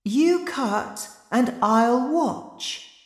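A woman voicing a quiet, shy little boy in a storybook reading. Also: on the high side, animated, very slow, reverberant, pitched above the performer's own voice. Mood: gentle.

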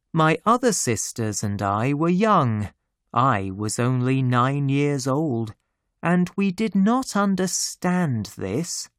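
A man reading a children's story aloud in a clear, expressive way. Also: a little high, no room sound, studio quality. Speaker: narrator.

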